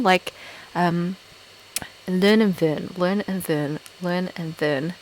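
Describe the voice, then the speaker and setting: A woman with an English accent and a lowish, slow voice hosts a casual live-stream chat with viewers on her ASMR channel, recorded at low quality with slight background noise. She giggles a lot, fills her talk with "like" and "um," and is self-deprecating.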